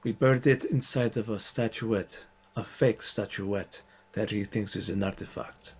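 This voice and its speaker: Male tabletop player, steady explainer, pauses and restarts. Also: on the low side, slightly rough. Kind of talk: in-character tabletop role-play.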